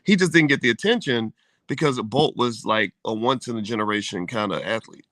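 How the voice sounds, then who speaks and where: A man's voice: mid-range voice, brisk, sharp tone, dry recording. A man co-hosting a casual podcast chat, talking in a loose, rambling way and swearing casually. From United States. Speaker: co-host.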